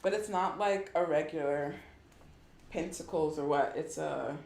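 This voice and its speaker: A woman's voice: deep voice, a little slow, gravelly, a little mellow, reverberant. A woman doing a casual tarot reading for viewers, upbeat and affirming as she reads card meanings aloud. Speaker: tarot reader.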